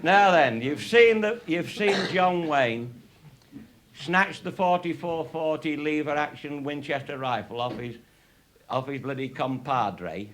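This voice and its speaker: Speaking a little slowly in a fairly high, fairly bright voice, an older English raconteur entertains a live audience with crude, humorous stories of hunting and shooting. He's salty, laughs often, and shows cartridges. The recording is noisy and live.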